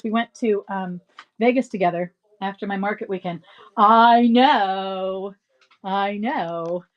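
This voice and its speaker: A middle-aged woman hosting a live resale stream, rambling through animated stories and laughing often. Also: mid-range voice. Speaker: live-stream reseller host. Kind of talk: chatty live-selling stream.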